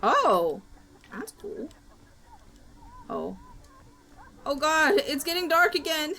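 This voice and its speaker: A woman's voice: high-pitched, sing-song, slow pace, long pauses, pushed and bright. A woman streaming gameplay with friends, talking in a dramatic, playful way and breaking into mock-panicked shrieks and wails.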